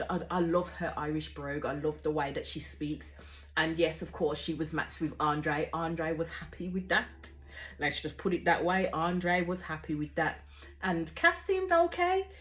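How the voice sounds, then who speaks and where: A woman's voice: on the low side, a bit bright. A woman, giving blunt, chatty reaction commentary and swearing freely. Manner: chatty, rambling with restarts. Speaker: reality show reactor.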